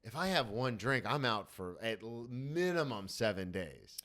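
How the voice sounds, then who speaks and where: A man's voice: mid-range voice, big pitch swings, unhurried, a bit bright. A man in his thirties hosting a podcast, telling stories in a chatty, casual way. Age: 30s. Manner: chatty storyteller. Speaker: podcast host. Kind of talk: casual chat.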